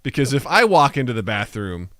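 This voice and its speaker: A man's voice: mid-range voice, fairly quick, dry recording, clean studio sound. A man co-hosting a comedy podcast, riffing animatedly and slipping into silly voices. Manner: animated, riffs with put-on voices. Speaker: podcast co-host.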